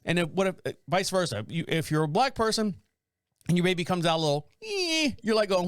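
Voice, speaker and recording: A man's voice: sits high, sing-song, a little fast, clean tone, no room sound, studio quality. A man hosting a podcast, reading news stories aloud and riffing on them in a rambling, joking way. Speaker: podcast host. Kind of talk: casual podcast monologue.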